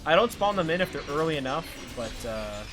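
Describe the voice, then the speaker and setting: A man's voice: on the high side, big pitch swings, fairly quick. A young man from Alberta with a light Canadian accent, casually chatting with his stream chat while playing a game and reading questions aloud. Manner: rambling, reads chat aloud and answers it. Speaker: live-streamer.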